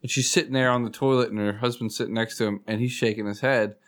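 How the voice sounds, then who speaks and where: A man's voice: medium pitch, steady tone, fast. A man in casual podcast chat, rambling through crude anecdotes with plenty of fillers.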